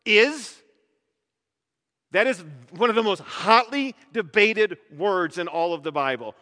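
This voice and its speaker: A man preaching a sermon in a large church hall, animated and joking, firing off rhetorical questions. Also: high voice, moderate pace. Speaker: pastor.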